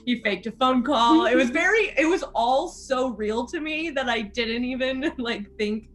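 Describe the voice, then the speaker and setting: Young female podcast co-host, slightly high voice, animated casual storyteller. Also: unhurried. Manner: animated, laughs while telling stories.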